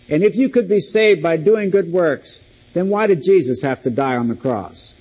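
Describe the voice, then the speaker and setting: Older man, sermon delivery, husky tone, a touch high, deliberate emphasis on key words. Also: mellow, rough recording. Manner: stresses single words and slows down for emphasis. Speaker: preacher.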